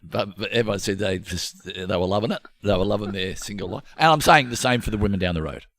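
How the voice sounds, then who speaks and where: A man with a croaky voice, co-hosting a comedy chat podcast and acting out people in rambling stories. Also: lowish voice, fast talker, no echo. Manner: rambling, acts out characters in animated voices. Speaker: podcast co-host.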